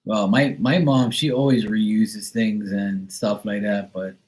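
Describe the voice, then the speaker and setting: A man's voice: fairly low pitch, steady tone, slow, darkish tone, low-quality recording. A man hosting a live stream, chatting casually in a sarcastic, rambling way and swearing now and then. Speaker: live stream host reading chat. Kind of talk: casual chat.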